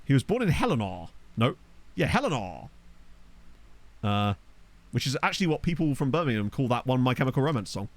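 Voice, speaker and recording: A man talking through a football management game, chatty and loose, swearing freely and chuckling at his own asides. His voice sits at an ordinary middle pitch but bounces around a lot as he reacts. He records at a desk microphone. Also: sing-song, a little fast, long pauses, no room sound. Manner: chatty, swears casually, laughs at own jokes. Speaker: gaming YouTuber. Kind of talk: let's play commentary. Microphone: desktop USB microphone.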